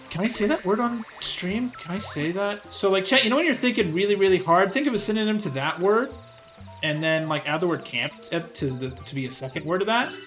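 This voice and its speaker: A man's voice: a little high, a bit bright. A young man streaming a game, chatting casually to his viewers, swearing and ranting. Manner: profane, ranting, talks to chat. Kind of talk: casual livestream chat. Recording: game music behind voice. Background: game music.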